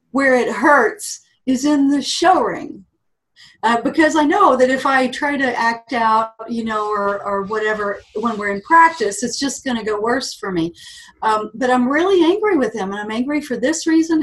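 A woman's voice: high-pitched, lively intonation, normal speed, poor audio. A woman voicing a proud male show horse who is angry with his owner, speaking in an earnest, aggrieved way.

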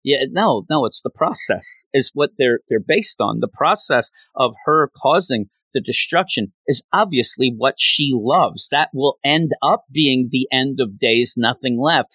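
A man co-hosting a casual comic book review chat, animated and sarcastic, who keeps slipping into mocking voices. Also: medium pitch, a little slow, hardly any pauses, slightly rough, no echo.

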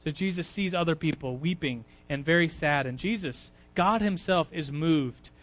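Chatty male preacher, slightly high voice. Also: moderate pace. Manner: chatty, conversational, with frequent fillers; swings between quiet asides and loud emphasis. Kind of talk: informal sermon.

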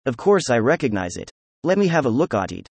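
A man's voice: medium pitch, very animated, a little fast, darkish tone, husky, no echo. A man voicing a proud, hot-tempered young man who speaks in gloomy, defiant outbursts. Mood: exasperated.

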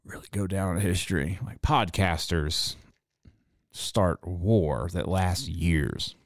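A man's voice: low voice, takes it slowly, dry recording, clean studio sound. A young man hosting a podcast, talking in a loose, rambling, profane way with frequent laughter. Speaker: podcast host. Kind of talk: casual chat.

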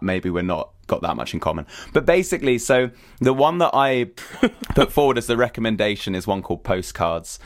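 Hoarse low-voiced man, giggly and enthusiastic. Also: dry recording, clean studio sound. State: hoarse from singing. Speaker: podcast co-host. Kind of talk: casual podcast chat.

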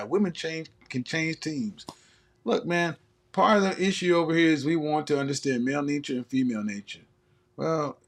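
A man hosting a live stream, ranting in a casual comedic way, profane and laughing often. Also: a little high.

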